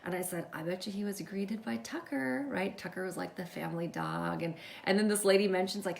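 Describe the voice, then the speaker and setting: A woman hosting a livestream, telling a story to her viewers in a casual, animated way, acting out the dialogue and calling out to them often. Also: medium pitch, fairly quick, gravelly. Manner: animated, acts out quoted dialogue, keeps addressing viewers. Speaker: livestream host.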